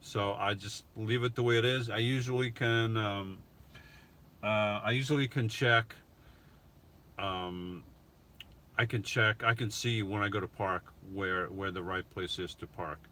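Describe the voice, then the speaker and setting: Middle-aged man, slightly low voice, crisp forceful tone, casual livestream chat, phone mic in a van. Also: steady tone, measured pace. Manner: chatty, reads viewer comments aloud and answers them. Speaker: vlogger hosting a live Q&A.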